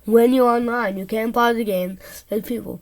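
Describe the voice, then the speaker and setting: A woman reacting to a video in casual commentary, rambling and excitable with loud outbursts. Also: a little high, moderate pace.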